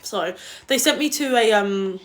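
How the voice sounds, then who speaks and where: A woman's voice: on the high side, expressive, measured pace, fairly bright tone. A young woman chatting casually on a livestream, blunt and swearing freely as she answers viewer comments. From England.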